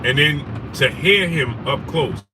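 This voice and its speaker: A young man, hosting a casual livestream, telling a story animatedly and shouting out viewers. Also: on the high side, lively intonation, takes it slowly. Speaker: livestream host. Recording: noisy street background.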